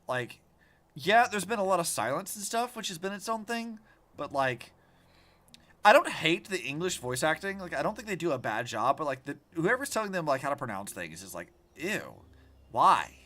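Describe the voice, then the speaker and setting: Male streamer, casual game commentary, profane rants, very animated pitch. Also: fairly quick. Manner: rambling, profane, animated ranting. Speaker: vtuber streamer.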